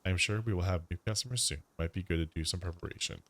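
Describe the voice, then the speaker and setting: A man voicing a gentle, polite male tea shop keeper who speaks formally with slightly odd grammar. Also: low voice, quick pace.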